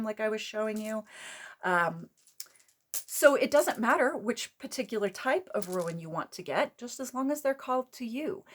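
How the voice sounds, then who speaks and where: A woman hosting her own channel and giving a casual, rambling lesson, with fillers and self-corrections along the way. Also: medium pitch. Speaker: host. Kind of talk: casual teaching talk.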